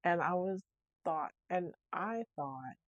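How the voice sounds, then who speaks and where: A woman's voice: on the low side, expressive, slow pace, no room sound, highs cut off. A woman hosting her own podcast, talking through her week in a rambling, reflective way and often correcting herself mid-sentence. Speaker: podcast host. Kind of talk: casual solo podcast monologue.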